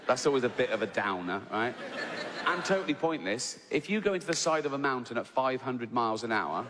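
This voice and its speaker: A man's voice: medium pitch, animated, brisk, noisy background. A middle-aged English man doing a stand-up routine in a conversational, sweary way, often checking in with the crowd. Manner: conversational, keeps checking in with "right?"; swears freely, acts out exasperated little scenes. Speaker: stand-up comedian. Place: large theatre on stage. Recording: live hall with long reverb, faint ambience.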